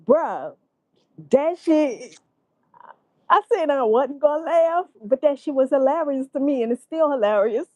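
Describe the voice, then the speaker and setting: A woman vlogger, telling a story in profane, animated casual commentary and laughing often. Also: sits high, unhurried, dry recording.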